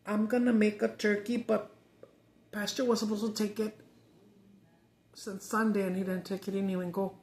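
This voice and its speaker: A woman's voice: medium pitch, flat delivery, moderate pace, pauses often, darkish tone. A middle-aged woman chatting casually while eating, cussing in frustration and mixing Spanish with English. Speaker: mukbang vlogger. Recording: roomy echo.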